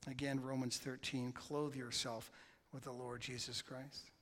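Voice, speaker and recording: A man preaching a sermon as pastor, swinging between hushed asides and loud, emphatic peaks. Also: medium pitch, flat delivery, measured pace. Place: church sanctuary. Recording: long hall reverb.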